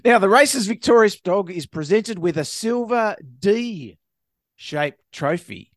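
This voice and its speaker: Lively jokey man, podcast co-host. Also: high voice, slow pace, no room sound, clean studio sound. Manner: jokey, reads news story aloud with asides. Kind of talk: casual comedic podcast chat.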